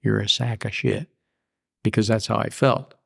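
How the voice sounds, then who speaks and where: Gravelly older man telling it straight. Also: lowish voice, steady tone, normal speed, fairly bright tone. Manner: blunt, profane, plain-spoken storyteller. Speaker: guest. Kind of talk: candid recovery story interview.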